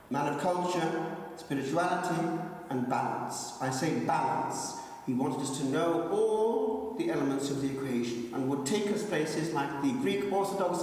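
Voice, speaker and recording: Fervent Welsh-born priest in an echoing church. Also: male voice, on the high side. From Wales. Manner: fervent, swings from loud exhortation to hushed storytelling. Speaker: Catholic priest. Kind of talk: sermon. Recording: echoey church hall, voice from far off.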